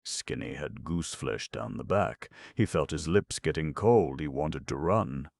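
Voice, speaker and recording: Very deep gravelly audiobook narrator. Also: male voice, lively intonation, unhurried, darkish tone, dry recording, clean studio sound.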